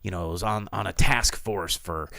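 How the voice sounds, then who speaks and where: A man's voice: deep voice, normal speed, creaky, pushed and bright, no room sound, clean studio sound. A man hosting a podcast, reviewing a film in casual chat, rambling and sarcastic with lots of fillers and restarts.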